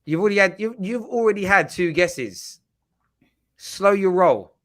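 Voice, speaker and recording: Bright-voiced man hosting. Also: high-pitched, unhurried. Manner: animated, stammering restarts. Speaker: host. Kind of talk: casual livestream chat.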